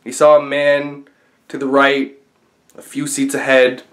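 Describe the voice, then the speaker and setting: A man telling a story to his viewers in an easy, conversational way. His voice sits in an ordinary middle register, and he pauses on fillers and restarts as he goes. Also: mid-range voice, monotone, a bit bright. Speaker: vlogger. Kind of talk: casual storytelling.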